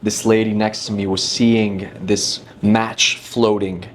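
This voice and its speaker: Low-voiced thoughtful man in his thirties. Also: level tone, slow pace, a little hiss or hum. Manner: thoughtful, many restarts, leans on 'inevitably'. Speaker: magician, guest. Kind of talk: reflective interview talk. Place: dinner table.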